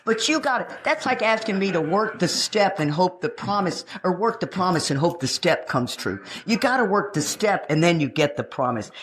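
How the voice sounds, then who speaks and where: Brash woman telling stories. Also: deep voice. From Texas. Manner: brash, joking, acts out quotes. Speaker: recovery meeting speaker. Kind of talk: recovery talk, storytelling. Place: meeting room.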